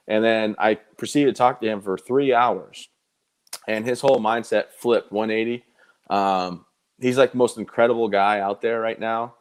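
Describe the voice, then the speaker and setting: A man who is a guest in a live interview, telling his stories in an animated, conversational way with quoted dialogue. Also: mid-range voice, fast. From United States.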